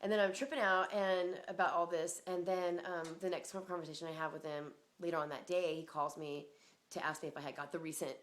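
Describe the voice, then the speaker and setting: A woman's voice: fairly low pitch, steady tone, brisk. A woman telling a personal story in a rambling, casual way, full of fillers, swearing and laughter.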